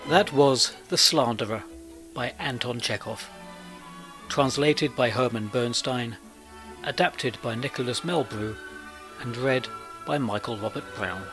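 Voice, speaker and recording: A man narrating short stories for an audiobook with expressive, lively delivery. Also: mid-range voice, measured pace, over music.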